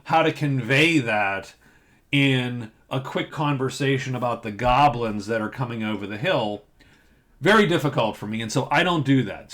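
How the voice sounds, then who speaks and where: A man's voice: mid-range voice, fairly bright tone. Rambling, self-deprecating man giving advice. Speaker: game master giving advice. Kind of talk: casual advice monologue.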